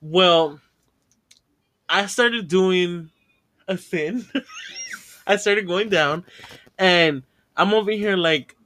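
A podcast host with a high, bright, forceful voice talks extremely slowly, pausing often, as he tells a long story in casual chat. He swears freely, laughs, and acts out what people said.

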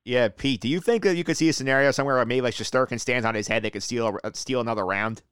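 Quick, smooth-voiced host man. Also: mid-range voice, a bit bright, dry recording, studio quality. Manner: leads with questions, many "like" fillers. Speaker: podcast host. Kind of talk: casual sports chat.

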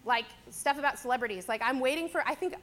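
Woman, young adult, high-pitched, animated storyteller, sermon-style talk. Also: fast talker. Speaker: teacher speaking to a church audience.

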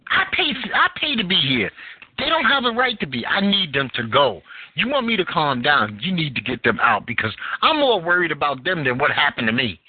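A man's voice: brisk, husky, dry recording. A man hosting a podcast, telling a story in casual, profane chat with big swings of feeling. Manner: animated, profane storytelling with wide pitch swings. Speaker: podcast host. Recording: tinny phone line.

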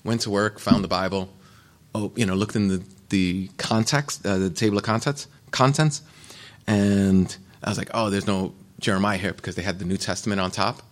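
A man's voice: lowish voice, moderate pace. A man in his forties or fifties from the United States, giving a candid, conversational personal testimony as a retreat speaker. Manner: candid, conversational, loose storytelling.

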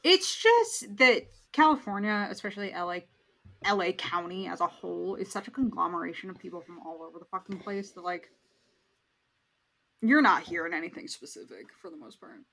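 A woman's voice: on the low side, expressive, fairly quick, gravelly, fairly bright tone. A young woman from New York co-hosting a casual film chat podcast, swearing freely and laughing often. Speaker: podcast co-host. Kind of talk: casual chat about films.

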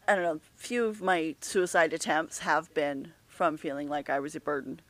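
A middle-aged woman talking openly and earnestly in a candid conversation, often halting and restarting her sentences. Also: low voice, fairly bright tone.

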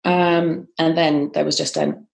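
A woman guest on a podcast telling a personal story in a halting, conversational way, with frequent ums and restarts. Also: sits low, little pitch movement, vocal fry.

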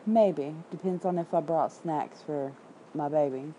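A low, very dark and mellow-voiced woman from Memphis speaks with a Southern accent. She chats loosely and bluntly to her viewers, tossing in curses and quick asides between the headlines she reads out. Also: highs cut off, a little hiss or hum. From Memphis, Tennessee. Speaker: independent writer streaming to viewers. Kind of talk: casual livestream chat.

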